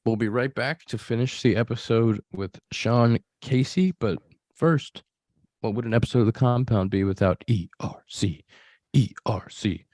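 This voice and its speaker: A man's voice: mid-range voice, a little mellow, no echo. Man reading an ad, dry close sound. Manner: slow, deliberate ad delivery. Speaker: podcast host. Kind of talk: podcast chat and read ad.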